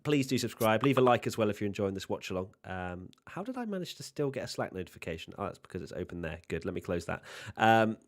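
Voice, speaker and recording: An upbeat, jokey British man hosting a livestream and reading out viewer comments. His fairly low voice swings all over the place as he talks. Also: sing-song, fast talker, few pauses. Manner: upbeat, reads chat aloud, jokey. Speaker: host of a livestream watchalong. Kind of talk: casual livestream chat.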